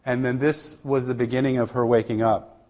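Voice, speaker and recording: A missionary man in middle age tells his testimony with a medium pitch and a flat delivery. He is earnest and halting, restarting often and going hushed at tender moments.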